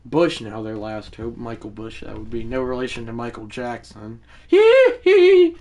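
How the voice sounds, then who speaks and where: A man streaming a baseball video game live, talking to his chat between pitches and breaking into mock play-by-play calls. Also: normal speed. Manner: mock play-by-play announcing, excitable; chatty asides to viewers.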